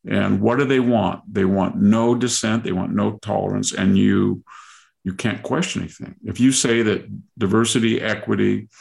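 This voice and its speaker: An older man with a low, gravelly voice, talking through political commentary on a podcast. He rambles in long lists and slips into mock quotations as he makes his case. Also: fairly even intonation, moderate pace, darkish tone. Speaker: podcast host.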